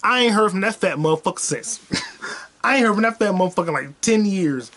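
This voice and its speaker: A man's voice: high voice, expressive, brisk, fairly bright tone, a little hiss or hum. A young man hosting his own podcast, telling loose, profane stories and repeating his punchlines. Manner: loose, profane, repetitive storytelling. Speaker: podcast host. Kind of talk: solo comedic podcast monologue.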